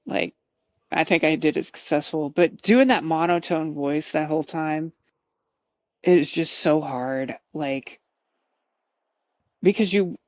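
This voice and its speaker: Woman streamer chatting to chat, slow and laid back, lots of laughing and swearing. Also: sits low, no room sound. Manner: laughs often, swears casually, animated storytelling. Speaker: roleplay streamer.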